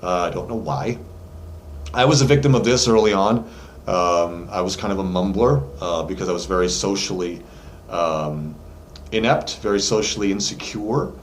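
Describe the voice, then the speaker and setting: A deep-voiced man speaks at normal speed, giving a casual singing lesson to camera from his voice studio. As a vocal coach, he talks loosely and chattily with lots of fillers and demonstrates with sung notes. The room is echoey, with faint background noise.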